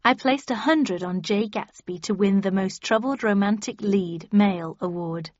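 A woman reading a first-person novel aloud in measured storytelling. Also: medium pitch, a little mellow, no room sound, dull audio. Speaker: audiobook narrator. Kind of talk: scripted first-person narration.

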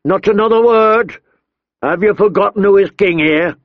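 A man's voice: lively intonation, measured pace, vocal fry, no echo, heavily acted. A blustering, hot-tempered king roars and snaps in a strained, raised voice, as a man puts him on for an audiobook. The delivery is dry and close, on a slightly dull recording. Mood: furious. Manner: loud, bellowing, high-pitched outbursts. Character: blustering burly middle-aged male king, hot-tempered. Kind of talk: audiobook character voice.

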